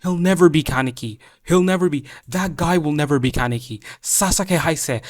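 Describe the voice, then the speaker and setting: A man's voice: fairly high pitch, a little fast, hardly any pauses, no echo. Ranting young man, dry close sound. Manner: heated, profane ranting with stammered restarts; repeats phrases for emphasis. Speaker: anime reaction host. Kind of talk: casual reaction commentary.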